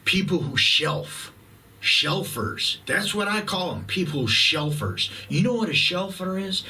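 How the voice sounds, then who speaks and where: A man's voice: high-pitched, sing-song, bright, forceful tone, recorded from a distance. A man in his fifties ranting profanely and bluntly about his pet peeves to his channel's viewers, dragging out words for emphasis. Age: 50s. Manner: blunt, profane, combative rant with long drawn-out words. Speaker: YouTube host.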